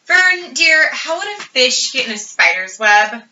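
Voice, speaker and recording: Woman doing a strict, anxious farm mom, sharp tone, roomy distant sound. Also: high voice, sing-song, unhurried, voice pushed up, full character voice. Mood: stern. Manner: sternly scolding, then soft and vague. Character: stern, worried farm mother. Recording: roomy, distant, dull audio.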